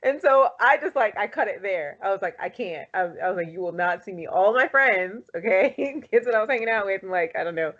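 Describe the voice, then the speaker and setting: Podcast co-host, woman, 30s, lively storyteller who laughs a lot; mid-range voice, lo-fi sound. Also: medium pitch, a little fast, hardly any pauses. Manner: animated storytelling, laughs often, acts out quotes. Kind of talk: casual chat.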